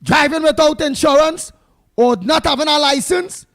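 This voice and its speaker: A man with a Trinidadian accent hosting a call-in radio show, chatting and telling stories in an animated way, with loud outbursts and snatches of song. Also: extremely high pitch, normal speed. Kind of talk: lively call-in radio chat and storytelling.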